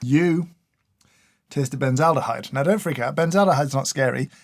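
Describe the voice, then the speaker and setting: A man's voice: medium pitch, normal speed, noisy background. A man giving casual taste-test commentary in a dry, sardonic, mock-exasperated way. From United Kingdom. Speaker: coffee reviewer.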